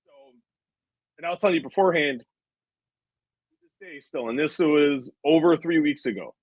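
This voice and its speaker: A man in his thirties with a slightly higher voice tells a winding story about a family outing, full of asides and quoted lines. The sound is close and dry, with no room around it. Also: normal speed, no room sound, poor audio. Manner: rambling, animated anecdote with many asides. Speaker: interviewer. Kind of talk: casual interview storytelling.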